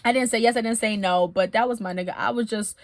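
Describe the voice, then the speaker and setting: A woman's voice: a little high, quick pace, no echo. Woman telling a wild story, profanity and all. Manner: profane, animated, laughs mid-story. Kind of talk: casual storytelling.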